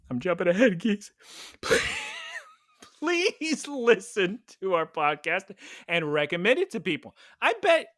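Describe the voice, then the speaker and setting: A man co-hosting a podcast in casual chat, playful and quick to laugh. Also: on the high side, fairly bright tone, no echo, clean studio sound. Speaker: podcast co-host.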